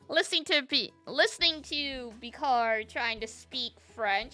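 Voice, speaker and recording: A woman's voice: high-pitched, slow pace, bright, forceful tone, soft background music. A woman game streamer in casual chat, talking to her viewers, laughing often and answering chat as she plays.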